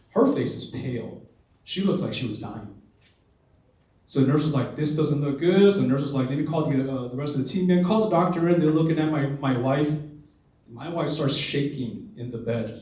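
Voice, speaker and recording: A man's voice: a little high, a little mellow, far from the mic. Earnest man telling a story in an echoey hall. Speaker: conference presenter. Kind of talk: personal story in a talk. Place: conference hall.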